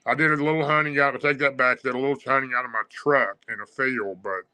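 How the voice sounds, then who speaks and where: Bright-voiced man telling a long story. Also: medium pitch, steady tone, quick pace, clean tone, low-quality recording. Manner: rambling, with frequent "uh" and restarts. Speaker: guest recounting encounters. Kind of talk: casual spoken storytelling.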